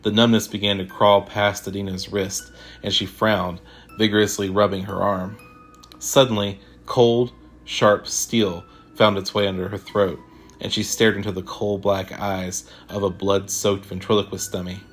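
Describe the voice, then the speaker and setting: A man narrating a sci-fi horror short story in a steady, measured way. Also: fairly low pitch, soft background music.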